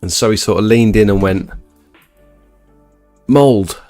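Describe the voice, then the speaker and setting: A young man hosting a live stream, reading chat and chatting in a laid-back, low-energy way. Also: fairly even intonation, quick pace, a little mellow, dry recording, soft background music. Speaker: livestream host reading chat.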